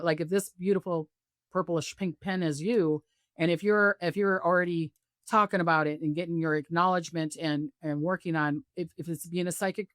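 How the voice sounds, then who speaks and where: Woman, psychic medium guest, low voice, animated storytelling, dry sound, video call. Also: dry recording. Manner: acts out quoted voices with big pitch jumps.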